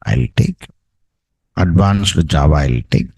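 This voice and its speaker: A man's voice: extremely low pitch, animated, slow pace, dark tone, breathy edge, dry recording, poor audio. A man teaching a programming class, dictating code and checking in with "no?" and "okay, right". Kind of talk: live coding lesson.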